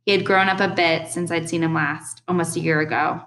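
A young adult woman reading a first-person audiobook in a steady, earnest storytelling manner. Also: low-pitched, brisk, rough recording. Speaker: audiobook narrator.

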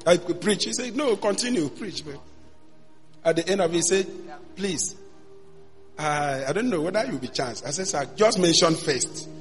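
A man, a pastor telling his story in a sermon, dropping to a hush and then bursting into shouts. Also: on the high side. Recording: long hall reverb with faint music.

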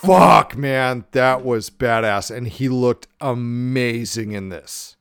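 A man hosting a podcast, ranting in a casual, profane and excitable way. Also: mid-range voice, takes it slowly, smooth, no echo, clean studio sound. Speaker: podcast host.

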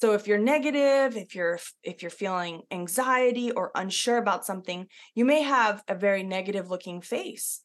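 A woman's voice: mid-range voice, lively intonation, normal speed, few pauses. Earnest woman podcast host. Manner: earnest, encouraging, personal. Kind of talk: casual podcast talk.

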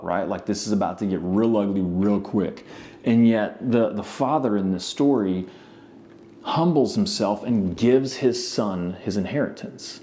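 A man's voice: fairly low pitch, lively intonation, moderate pace, dark tone. A male pastor preaching in a conversational, storytelling way, with frequent asides to the congregation. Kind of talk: sermon.

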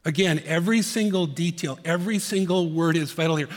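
A male pastor preaching a sermon, earnest, dropping to soft hushed tones and rising to emphatic peaks. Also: on the high side, brisk, long reverb tail.

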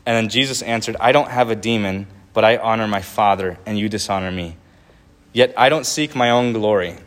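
A man's voice: fairly low pitch, fairly quick. Man preaching through a scripture passage. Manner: reads verses with rising emphasis, then comments with small laughs and restarts. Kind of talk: sermon, reading and explaining scripture.

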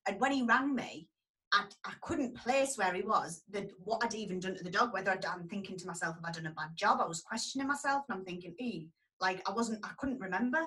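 A woman, telling a story about her dog grooming salon in a casual, animated way and acting out the people in it. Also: mid-range voice, a little fast, distant mic, poor audio.

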